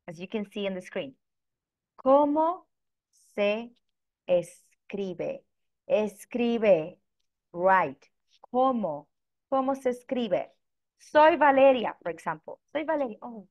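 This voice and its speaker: A woman teaching an online language class, speaking slowly and patiently and spelling words out letter by letter. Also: medium pitch. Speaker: Spanish teacher. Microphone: video call. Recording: dull lo-fi video call audio.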